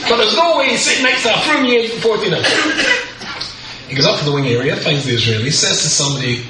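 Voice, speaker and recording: A middle-aged British rabbi telling a humorous anecdote to an audience, acting out the people in it. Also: male voice, fairly high pitch, fast talker, noisy background. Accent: British English. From Britain. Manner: animated storyteller, acts out the people in the story. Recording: very roomy echo, speaker far from the mic, faint ambience.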